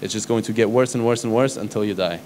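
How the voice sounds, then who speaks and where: A man's voice: lowish voice, fast, darkish tone, a little hiss or hum. A man, a doctor, giving a lecture to a live audience in a conversational way, often tossing questions and "right?" at listeners. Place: conference hall stage.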